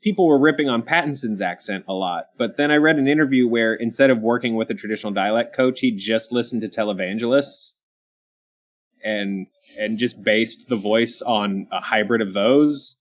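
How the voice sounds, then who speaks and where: A man from Kentucky hosting a casual panel chat, talking in quick asides full of ums and restarts. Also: lowish voice. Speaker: show host.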